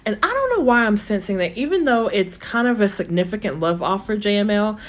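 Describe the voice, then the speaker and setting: A woman giving a live-stream tarot reading from her phone, chatty and reassuring, thinking aloud with lots of fillers, her voice going hoarse. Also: mid-range voice, sing-song, fairly quick. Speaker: tarot reader.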